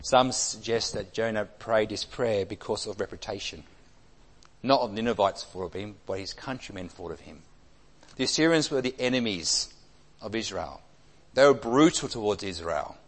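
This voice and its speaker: A man preaching an expository sermon, emphatic, with wide swings between loud and soft. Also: on the low side, animated, moderate pace. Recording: long hall reverb.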